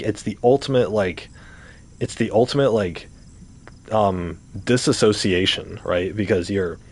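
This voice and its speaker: A man's voice: on the low side, darkish tone, husky. A man talking casually while playing a game, ranting with rhetorical questions and swearing. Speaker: gaming streamer. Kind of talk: casual rant while gaming.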